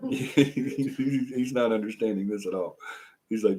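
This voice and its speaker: A rambling older man with a drawl, talking casually to viewers on a home live stream. His voice sits a little low, and he chuckles often as he wanders between topics. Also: slow pace, pauses often, warm tone. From Alabama. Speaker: paranormal show host. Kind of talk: casual livestream chat.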